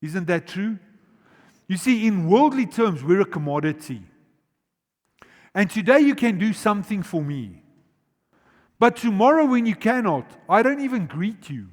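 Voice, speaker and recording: A man preaches from a church stage in a high, carrying voice that rings in a long hall echo. He climbs to loud, urgent peaks, then sinks into quiet, stretched-out words. He keeps putting questions straight to the congregation. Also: very animated. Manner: swings between loud urgent emphasis and quiet, slow, drawn-out words; asks the congregation questions directly. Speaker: pastor. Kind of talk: sermon. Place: large church auditorium.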